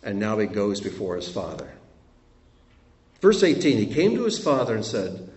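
A man teaching from scripture, reading verses aloud and breaking off for expressive asides. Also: on the low side, normal speed, long pauses. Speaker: Bible teacher. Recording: roomy sound from a distant mic.

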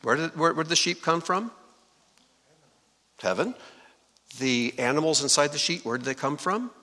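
A man preaching in a large hall with a long ringing reverb, his voice bright and forceful. His pitch swings widely as he teaches scripture and puts questions to the congregation. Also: moderate pace. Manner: lively, asks the congregation questions.

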